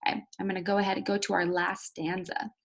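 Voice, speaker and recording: A woman teacher talks her students through a recorded video lesson. Her voice is slightly husky and sits at a mid pitch. She explains patiently and leans into key moments with storytelling emphasis. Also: flat delivery, fast talker.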